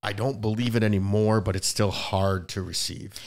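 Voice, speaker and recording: A man's voice: on the low side, steady tone, normal speed, darkish tone. A man hosting a podcast, chatting casually with his guest in an emotional, openly sincere and emphatic way. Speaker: podcast host. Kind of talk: casual interview chat.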